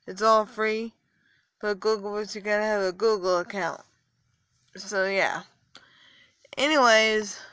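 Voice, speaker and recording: A young adult woman podcaster, a little tired, rambling casually with halting pauses and fillers. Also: medium pitch, pushed and bright, smooth, dry recording. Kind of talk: casual solo podcast talk.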